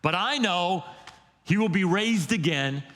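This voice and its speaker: A man voicing a grieving, frantic woman who scolds her friend for arriving too late, in a high, urgent voice. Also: animated, measured pace, a bit bright. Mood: reproachful. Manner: high-pitched, urgent, reproachful. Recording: long reverb of a church hall.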